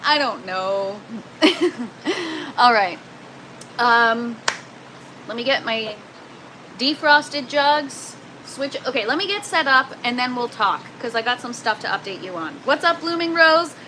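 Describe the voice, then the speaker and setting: A woman's voice: fairly high pitch, animated, slow pace, noisy background. A young woman hosting a casual livestream, chatty and laughing often as she greets viewers by name from an indoor grow tent. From Canada. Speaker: livestream host.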